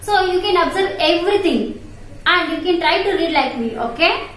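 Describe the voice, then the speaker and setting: A woman's voice: extremely high pitch, animated, fairly bright tone. A woman with an Indian English accent teaching an online English class to young children, spelling each word letter by letter and repeating it. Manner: slow, spells words letter by letter and repeats them. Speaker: primary school English teacher. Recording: echoey room, distant mic, faint noise.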